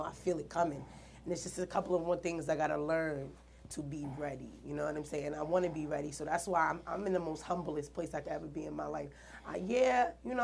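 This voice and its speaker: A woman's low, gravelly voice carries a candid interview story. She talks earnestly and plays out the remembered dialogue, over a faint bed of background noise. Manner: earnest, animated retelling with quoted dialogue. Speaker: guest artist.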